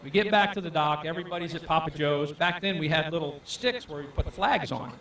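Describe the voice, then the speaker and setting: Lively fishing guide, high voice, echoey room. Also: male voice, brisk. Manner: lively, acts out the voices in his stories. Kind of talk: live storytelling to an audience. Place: event hall. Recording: echoey room, far from the mic.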